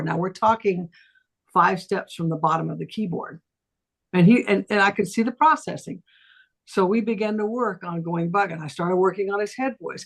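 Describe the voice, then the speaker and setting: A middle-aged woman with a gravelly, husky voice tells a story in a casual conversation. She is a voice teacher, and she acts out each quoted line with big swoops up and down in pitch. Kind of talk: casual storytelling on a talk stream.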